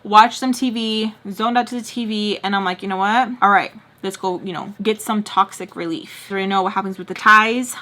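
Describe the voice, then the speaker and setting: Bright-voiced young woman telling a story. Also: medium pitch, steady tone, brisk, hardly any pauses. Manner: chatty, fillers of "like", acts out her own thoughts. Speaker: storytime vlogger. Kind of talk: casual storytime.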